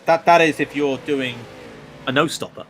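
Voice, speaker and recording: A man's voice: fairly high pitch, fairly even intonation, a bit bright, slight background noise. A young man commentating a sim race in a chatty, bantering way. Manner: chatty, bantering, quick asides.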